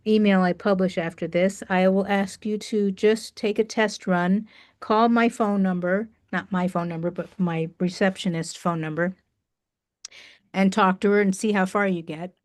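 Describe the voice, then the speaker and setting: A woman hosting a casual online office hour, chatty and warm with small restarts, on a video call. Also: medium pitch. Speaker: host of an open office hour.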